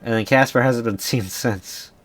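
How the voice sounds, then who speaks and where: A man's voice: medium pitch, normal speed, fairly bright tone. A young man chatting casually as a podcast co-host, rambling and going off on tangents, often restarting and swearing. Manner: rambling, sidetracked storytelling with frequent restarts and swearing. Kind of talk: casual chat.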